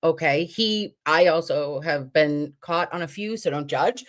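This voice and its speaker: A woman in her forties hosting a casual livestream, chatty and animated, acting out the things people said to her. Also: low-pitched, measured pace. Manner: animated, chatty, acts out quotes. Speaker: livestream host.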